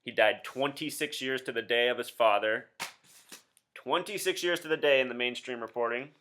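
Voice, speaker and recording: A man's voice: mid-range voice, normal speed, pushed and bright, slight background noise. A man in his thirties hosting a solo commentary video, talking insistently to his viewers with rhetorical questions. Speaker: video host.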